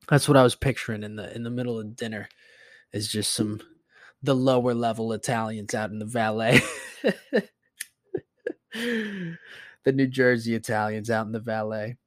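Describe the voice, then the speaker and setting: A man's voice: on the low side, steady tone, measured pace, long pauses, dry recording. Rambling, foul-mouthed man, dry sound. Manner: rambling and profane, many fillers. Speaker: podcast host; teacher. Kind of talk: casual chat.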